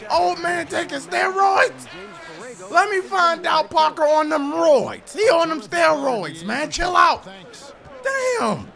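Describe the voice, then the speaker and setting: A young man giving loud gameplay commentary, hyped and ranting, trash-talking the opponent as he plays. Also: very high-pitched, big pitch swings, slow pace, vocal fry, a crowd in the background. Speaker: gaming YouTuber. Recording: game music playing behind.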